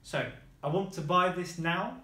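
A man's voice: high voice, a little slow, sharp tone, reverberant. A man teaching a beginners' Spanish lesson, patient and encouraging, praising the learner often. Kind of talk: slow, patient language lesson.

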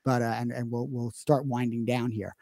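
A man's voice: medium pitch, level tone, moderate pace, creaky, mellow, dry recording. A man explaining drumming as a teacher in a live online Q&A lesson, talking emphatically with frequent restarts. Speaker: drum teacher.

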